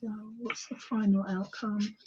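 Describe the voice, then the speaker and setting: A woman's voice: medium pitch, flat delivery, measured pace, darkish tone, muffled recording, slight background noise. A British woman with an accent sliding between standard and London speech, chatting casually on a live stream, hesitant and full of fillers. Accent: English, between standard British and London. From England. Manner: hesitant, many fillers and restarts. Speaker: tarot reader and live stream co-host.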